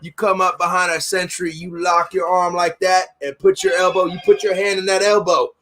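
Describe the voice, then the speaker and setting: A man's voice: high-pitched, little pitch movement, normal speed, a bit bright, pitched above the performer's own voice. A man voicing an old male Vietnam Marine veteran with a Southern drawl who calls everyone old buddy. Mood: grim relish. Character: old male Vietnam Marine vet, folksy, cheerful, menacing.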